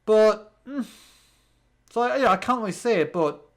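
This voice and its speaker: British let's play host, rambling commentary, stumbles and restarts a lot, middle-pitched voice. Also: lively intonation, normal speed. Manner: rambling, with many restarts and fillers. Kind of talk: gameplay commentary.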